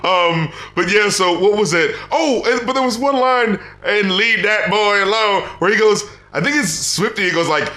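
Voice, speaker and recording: A man co-hosting a podcast, reviewing an album in casual, animated chat, swearing and laughing often. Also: high-pitched, normal speed, hardly any pauses, echoey room. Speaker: podcast co-host.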